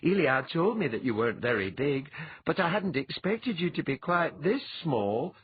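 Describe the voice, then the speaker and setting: A man's voice: a little high, sing-song, moderate pace, husky, no echo, phone-quality sound, pitched above the performer's own voice, heavily acted. A man voicing a gracious, fond woman in her late thirties in an audiobook.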